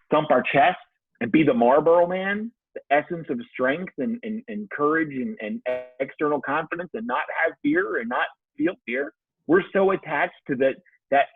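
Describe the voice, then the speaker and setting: Husky earnest man on a phone-like line. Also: a little high, dry recording. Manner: earnest, heartfelt, frequent restarts. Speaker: leadership coach guest. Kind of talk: podcast interview.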